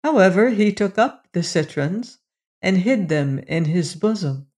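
A storyteller reading a fairy tale aloud in a measured, gently expressive way. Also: mid-range voice. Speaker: narrator.

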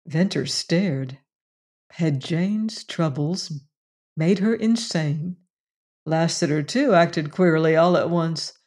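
Slow, low-voiced woman reading a novel. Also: a little mellow. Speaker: audiobook reader. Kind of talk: scripted narration.

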